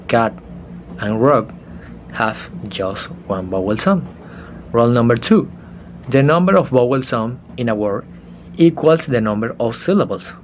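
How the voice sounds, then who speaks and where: A young man whose first language is Spanish, giving a halting class presentation, stopping to spell out letters and correct himself. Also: medium pitch, a little hiss or hum. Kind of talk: slow explanatory class presentation.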